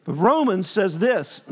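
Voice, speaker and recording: A man's voice: high-pitched, big pitch swings, slow pace, husky. A man preaching a sermon in a church, rambling and breaking off his sentences to add joking asides. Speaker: pastor. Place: church sanctuary. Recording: long hall reverb.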